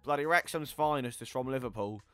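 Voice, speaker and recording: An eighteen-year-old man giving casual gameplay commentary, chatty and swearing, yelling at the game. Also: medium pitch, fairly quick, clean tone, no echo. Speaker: gaming YouTuber.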